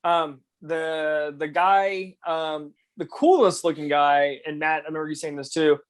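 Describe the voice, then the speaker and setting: A man co-hosting a casual film review podcast, hesitant, with many pauses and restarts. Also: a little high, clear, resonant tone. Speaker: podcast co-host.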